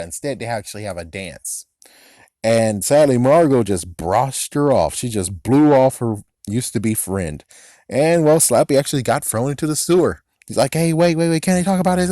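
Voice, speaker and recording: A man with a lowish voice talks through an episode recap in a loose, rambling way, throwing in profane asides and short laughs. The sound is dry and close, with no room around him. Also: mellow, no room sound. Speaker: episode reviewer. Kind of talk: casual recap and commentary.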